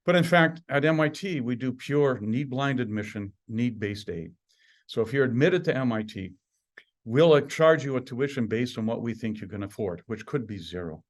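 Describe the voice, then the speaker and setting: Wry, lively man in his sixties. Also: medium pitch. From Canada. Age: 60s. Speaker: university administrator giving an alumni talk. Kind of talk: prepared talk.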